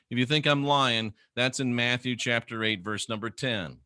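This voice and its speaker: A middle-aged man rants straight to camera in a mocking, scornful tone. His voice is sharp and forceful, and the recording is close and dry with no room sound. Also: mid-range voice, moderate pace, few pauses, dry recording. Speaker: former minister turned critic. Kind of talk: ranting monologue to camera.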